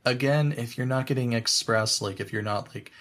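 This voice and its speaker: A man's voice: mid-range voice, moderate pace, fairly bright tone. A man co-hosting a podcast, giving frank sex advice in a rambling, joking way full of "you know"s and hesitations. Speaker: podcast co-host. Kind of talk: casual frank sex-education chat.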